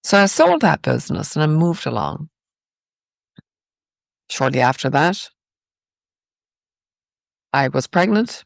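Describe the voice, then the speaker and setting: A woman's voice: low-pitched, very animated, takes it slowly, vocal fry, long pauses, no echo. A woman from Ireland with an Irish accent, a podcast guest telling personal stories in a reflective, spiritual way. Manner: reflective and spiritual, with rhetorical "right?". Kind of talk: personal storytelling.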